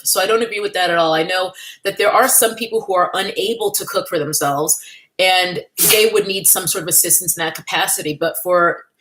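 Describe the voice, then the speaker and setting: A woman's voice: lowish voice, a bit bright. A young woman hosting a casual livestream from home, chatty and wry, laughing often and greeting viewers by name. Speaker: livestream host. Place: at home in California.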